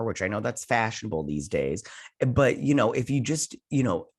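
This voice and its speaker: A man's voice: on the low side, sing-song, moderate pace. A man giving a casual, rambling recap and review of a TV episode, with lots of false starts and fillers. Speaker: TV show reviewer.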